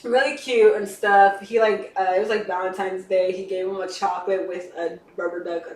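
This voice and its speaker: A woman co-hosting a casual podcast, retelling a story and acting out the characters' lines with big swings in pitch and loudness. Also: fairly even intonation, moderate pace. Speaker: podcast co-host. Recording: echoey room, distant mic, faint background noise.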